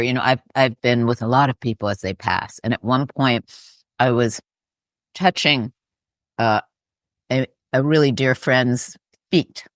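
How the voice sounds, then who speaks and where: A podcast co-host responding thoughtfully to a guest and sharing personal stories in a calm, conversational way. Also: medium pitch, dry recording, studio quality. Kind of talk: conversational spiritual podcast talk.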